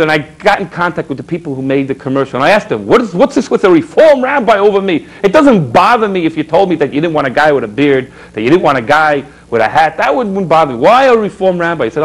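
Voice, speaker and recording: A man's voice: fairly high pitch, very animated, fast, poor audio. A man, a rabbi hosting a public access TV show, preaching with rhetorical questions and telling stories to his viewers. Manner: exhorting, rhetorical questions, storytelling asides. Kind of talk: animated preaching talk with anecdotes.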